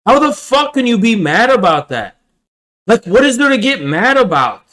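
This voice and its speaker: A man hosting a livestream, ranting heatedly and with a lot of profanity, his pitch swinging up and down. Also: sing-song, moderate pace, fairly bright tone, low-quality recording. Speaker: streamer host.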